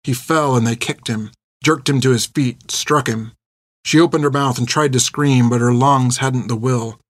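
Man reading an audiobook, steady and even, dead dry sound. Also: medium pitch, moderate pace, no echo. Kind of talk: audiobook narration.

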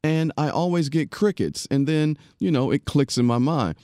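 A man's voice: on the high side, animated, moderate pace, mellow, clean tone, no room sound, studio quality. A man hosting a podcast interview in casual chat, enthusiastic and affirming, often restarting his sentences. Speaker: podcast host.

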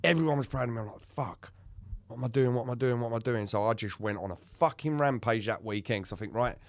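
A mid-range male voice comes through quickly in a dry recording. As a co-host on an easygoing podcast, he shares his own experience candidly, swearing freely and telling it with animation.

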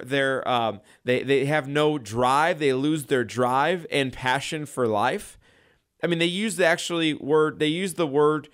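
A man's voice: fairly high pitch, fairly bright tone. A man in his thirties, a chiropractor hosting a radio show, talking to listeners in an earnest, exhorting way with many repeats. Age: 30s. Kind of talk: impassioned radio talk.

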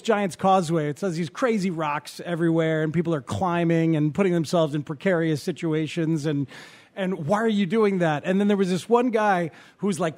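A man co-hosting a casual sports talk chat, telling stories in an animated, laughing way. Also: high voice. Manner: animated storyteller, laughs often.

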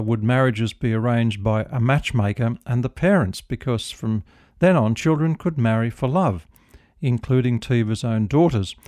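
Aussie minister guy doing a morning devotional, gentle, dry close mic. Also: medium pitch, no room sound. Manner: gentle storytelling, prayerful close. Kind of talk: radio devotional talk.

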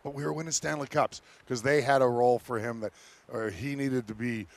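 A former hockey player on a sports talk panel, telling locker-room stories in a lively, animated way and laughing often. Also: male voice, medium pitch, brisk, vocal fry, dry recording.

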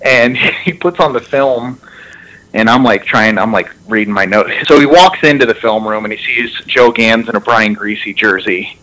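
A young man in casual chat, telling lively stories with laughter and frequent restarts, heard over a radio broadcast. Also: mid-range voice, normal speed, poor audio. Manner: animated storyteller, laughs a lot, restarts. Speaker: former football player guest.

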